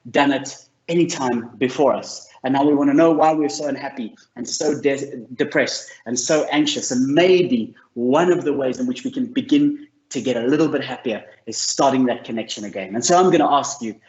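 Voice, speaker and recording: A man's voice: mid-range voice, normal speed. A man presenting a mental health course, telling stories in an earnest, encouraging way. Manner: earnest, storytelling, warm and encouraging. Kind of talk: motivational talk to camera. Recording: roomy, slightly dull sound.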